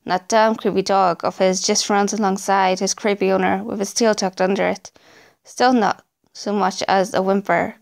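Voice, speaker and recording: Gravelly woman narrating creepy stories. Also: mid-range voice. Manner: dramatic storytelling. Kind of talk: scripted narration.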